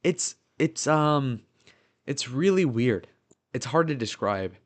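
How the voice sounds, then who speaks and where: A man's voice: medium pitch, expressive, slow pace. Rambling young male livestreamer. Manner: rambling, filler-heavy, profane. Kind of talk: casual livestream chat.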